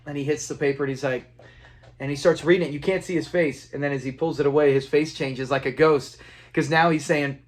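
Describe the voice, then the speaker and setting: Man, slightly high voice, casual episode recap, acts out quotes, chuckles. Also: a little fast. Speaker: TV episode reviewer.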